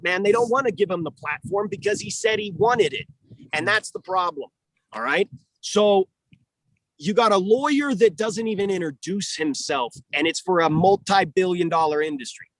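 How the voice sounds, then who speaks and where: Brief: high-pitched male fight manager, profane and combative, dry close sound. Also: lively intonation, normal speed, no room sound. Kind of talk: heated interview talk.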